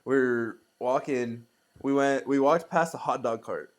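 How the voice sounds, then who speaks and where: A man's voice: mid-range voice, measured pace. Laid-back young man chatting casually. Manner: laid-back, laughs along, quotes himself in stories. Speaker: podcast co-host. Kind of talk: casual chat.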